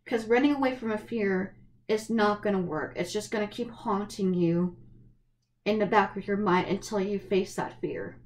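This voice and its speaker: A woman's voice: medium pitch, moderate pace. A young woman in college talks earnestly into her camera, her voice wavering as she fights back tears. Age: young adult. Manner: earnest, emotional and heartfelt, with frequent restarts. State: tearful, voice wavering from crying. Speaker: vlogger. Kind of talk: personal video essay, casual monologue.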